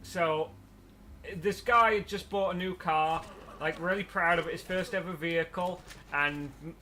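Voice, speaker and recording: A man's voice: a little high, steady tone, a little slow, pushed and bright, slight background noise. A man chatting casually while playing a video game, rambling through stories and laughing often. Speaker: let's play host. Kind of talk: casual chat while gaming.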